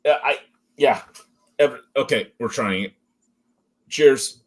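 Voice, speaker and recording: In an unhurried, mid-range voice, a man reviews beer casually, describing what he smells and tastes. He keeps up a chatty commentary peppered with frequent curses and jokes.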